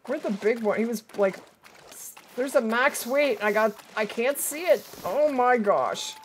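A middle-aged woman hosts a live game stream, chatting away and answering her viewers as she plays. Her voice sits a bit high and swings widely in pitch. A faint hiss runs behind her. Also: animated, unhurried. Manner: chatty, reads viewer comments aloud and answers them.

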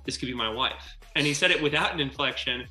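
A man, a filmmaker guest, chatting in an interview, telling stories quickly and acting out quotes. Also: medium pitch, echoey room, faint music behind. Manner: animated, quick storytelling, acts out quotes. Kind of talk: casual interview chat.

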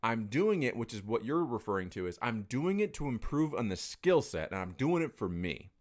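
A man's voice: medium pitch, very animated, normal speed. A young adult man in casual conversation, talking candidly and rambling, swearing freely as he tells stories.

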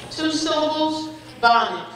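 At a school spelling bee, a woman calls out words, giving each definition and a sample sentence slowly, deliberately and with clear enunciation. Her voice sits high, animated and a bit bright. She's recorded from far off in an echoey event hall with an audience present.

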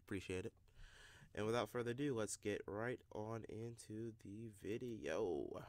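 Low-voiced young man chatting casually. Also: a little slow, no echo. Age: 20s. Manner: relaxed and rambling, with filler ums and playful joking. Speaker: reaction video host. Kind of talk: casual chat to camera.

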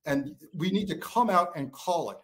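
A middle-aged man speaking as a guest on a political talk show, emphatic and forceful, often repeating words for stress. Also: sits high, sing-song, normal speed. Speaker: guest, former counterintelligence official.

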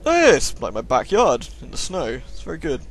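A man's voice: on the high side, huge pitch swings, fairly quick. A man with a sore throat giving jokey, sarcastic commentary while playing a horror game. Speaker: let's play host. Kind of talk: gameplay commentary.

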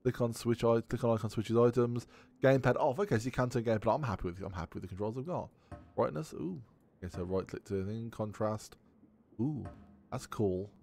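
A man giving casual let's play commentary while thinking aloud, excitable and swearing often. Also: mid-range voice, brisk, creaky, faint music behind. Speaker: gaming video creator.

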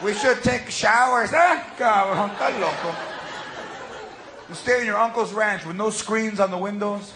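A middle-aged man doing a live stand-up comedy routine, animated and shouting punchlines while mixing Spanish slang into his English. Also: sits high, moderate pace, few pauses, crowd noise, background noise. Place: live comedy stage before an audience. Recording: live show with loud audience laughter.

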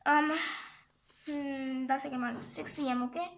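A woman's voice: sits high, level tone, a little slow, vocal fry. A woman explaining a geometry exercise step by step in a casual, rambling way, often stopping to correct herself and apologize. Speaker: math tutorial maker.

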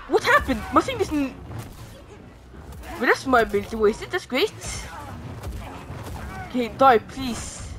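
A woman giving casual commentary on her own gameplay, reacting out loud, pleading with and taunting the enemy, and swearing now and then. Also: high voice. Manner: reactive, pleading and groaning at the game. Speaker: gamer streaming a playthrough.

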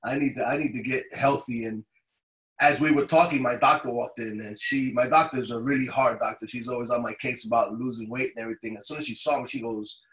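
A man excitedly telling a personal story on a video call, often laughing as he talks. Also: mid-range voice, fast. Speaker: guest sharing a testimonial. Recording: echoey room over video call.

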